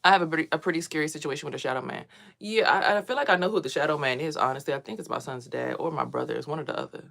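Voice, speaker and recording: A woman vlogger telling personal stories casually, lively and swearing freely as she acts out what others said. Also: low-pitched, very fast, creaky.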